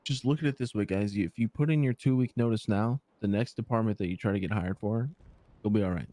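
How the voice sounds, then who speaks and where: A man's voice: fairly low pitch, fast, dark tone, dry recording. A man joking with colleagues during a casual roleplay. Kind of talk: casual in-character roleplay chat.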